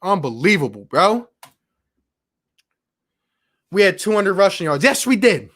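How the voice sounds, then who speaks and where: A man with a strikingly high-pitched voice hosts a live sports show after the game. He rants with exasperated passion, leans on casual slang like bro and my guy, and sighs over every bad call. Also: expressive, slow, fairly bright tone. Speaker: sports talk show host.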